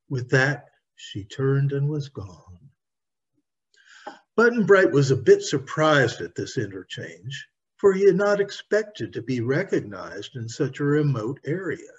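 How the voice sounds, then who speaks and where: A man reads his own children's story aloud in careful storybook narration. His voice is slightly husky and the pace unhurried. The recording is dull and lo-fi. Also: mid-range voice, big pitch swings. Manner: slow, careful reading aloud.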